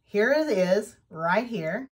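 A woman vlogger in casual show-and-tell chat, talking at an unhurried, easy pace. She sounds eager and chatty, with a middling pitch. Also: lively intonation. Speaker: needlework vlogger.

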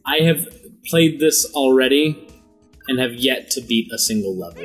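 A man hosting casual gameplay commentary, excitable, often yelping and laughing. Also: mid-range voice, moderate pace, husky, soft background music.

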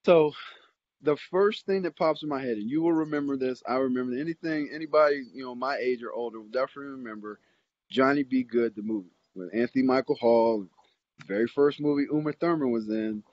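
A man's voice: medium pitch, a little fast, no room sound. Storytelling man, dry muffled sound. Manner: rambling, animated anecdote with many fillers and restarts. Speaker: interview guest, football coach. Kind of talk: casual storytelling.

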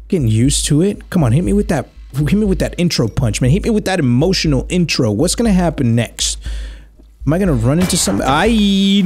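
A man's voice: medium pitch, animated, moderate pace, darkish tone, husky, soft background music. A young man doing casual gameplay commentary, joking around and dropping Spanish words. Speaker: gaming YouTuber.

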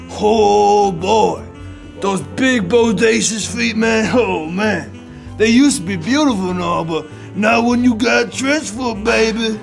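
Young man playing a grumpy old grandpa, gravelly, high-pitched drawl, rambling, music behind. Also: full character voice. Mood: groaning. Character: crotchety 76-year-old grandpa rambling about basketball. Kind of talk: improvised comedy sketch.

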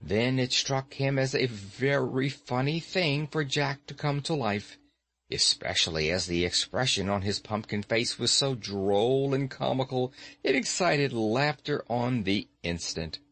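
Slow, expressive male storyteller. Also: medium pitch, no echo. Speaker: audiobook narrator. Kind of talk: scripted narration.

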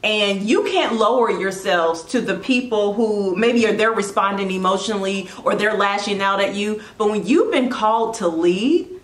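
Animated woman in an echoey room. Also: medium pitch. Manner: animated and chatty, quick asides and self-corrections. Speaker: Christian blogger giving devotional teaching. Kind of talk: casual devotional talk.

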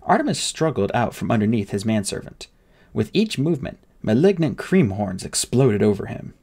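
A man reading an audiobook aloud with expressive, dramatic narration. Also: fairly low pitch, moderate pace.

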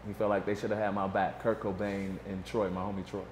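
A man's voice: on the low side, fast talker, reverberant, slight background noise. A man guest in a casual interview, telling a story and acting out what others said. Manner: animated storyteller, acts out quotes.

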